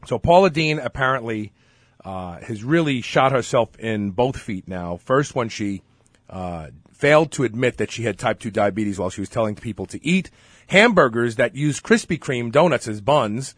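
A man co-hosting a podcast in casual chat, opinionated and animated, often restarting his sentences. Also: medium pitch, normal speed, dry recording, studio quality. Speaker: podcast co-host.

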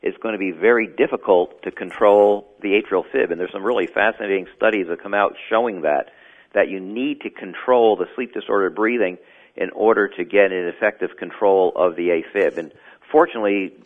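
Deep-voiced doctor on a phone line. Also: male voice. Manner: measured, clinical, explanatory. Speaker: sleep medicine doctor guest. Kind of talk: expert explanation in an interview.

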